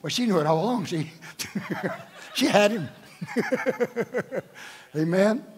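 Older man, bishop, animated sermon, high voice, rhetorical questions, church hall echo. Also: takes it slowly, slightly rough. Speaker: bishop preaching. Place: large church at a live service.

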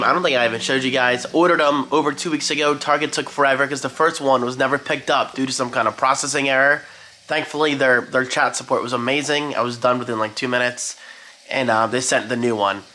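Bright-voiced man chatting casually. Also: medium pitch, steady tone, a little fast, slight background noise. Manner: rambling, self-deprecating, chatty. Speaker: vlogger. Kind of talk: casual daily vlog chat.

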